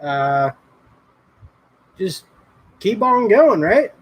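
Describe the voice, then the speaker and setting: Male livestream host, slow-talking, higher voice, rambling chat with viewers. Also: very animated, husky, dull audio. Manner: laid-back, rambling, greets viewers by name. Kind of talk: casual livestream chat reading comments.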